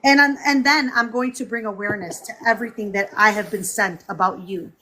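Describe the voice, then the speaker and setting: A woman hosting a livestream, talking in a heated, animated way to her viewers and swearing freely. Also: medium pitch, fairly quick. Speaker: livestream host. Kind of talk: heated casual livestream talk.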